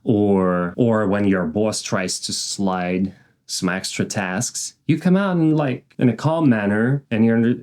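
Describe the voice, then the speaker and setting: A man giving an emphatic, animated self-help talk, now and then swearing for emphasis. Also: lowish voice, slow.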